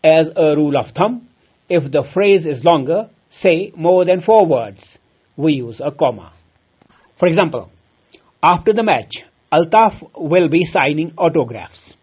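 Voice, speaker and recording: A man's voice: fairly high pitch, expressive, a little slow, slightly rough, dull audio. A man teaching a grammar lesson from home, explaining each rule through examples and calling his listeners friends. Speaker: English teacher.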